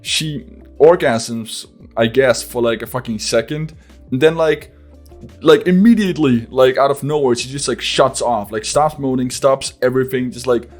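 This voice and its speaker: A man's voice: mid-range voice, normal speed, faint music behind. A man hosting a casual podcast who rambles profanely, packing his talk with "like" and breaking into laughs. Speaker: podcast host.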